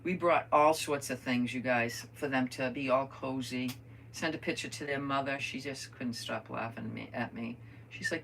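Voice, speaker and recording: A woman's voice: very deep voice, fairly even intonation, normal speed, gravelly, a bit bright, slight background noise. An older woman chatting casually to viewers while she crafts at home, rambling through stories and talking to them as friends. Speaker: crafter vlogger.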